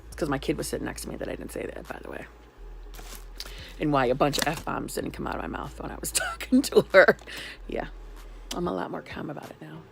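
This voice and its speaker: A woman in her thirties from New York State, telling a sarcastic, animated venting story in a vlog. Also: deep voice, fairly quick, gravelly, pauses often, a little hiss or hum. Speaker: vlogger.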